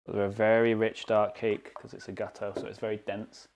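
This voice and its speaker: A young man with a British accent talks through his baking in a home kitchen during a live stream. His voice sits on the low side, and his delivery is loose and chatty, full of self-deprecating jokes. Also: monotone, a little fast, a little mellow. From United Kingdom.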